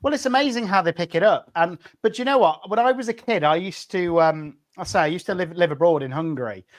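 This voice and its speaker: A man's voice: high voice, quick pace. A British man hosting a casual livestream chat, telling anecdotes and laughing easily. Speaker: livestream host.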